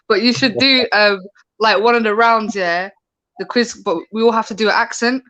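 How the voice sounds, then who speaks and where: Woman, giggly, bright voice, dull call audio. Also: a little high, fairly even intonation, moderate pace. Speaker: panelist. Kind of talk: casual chat.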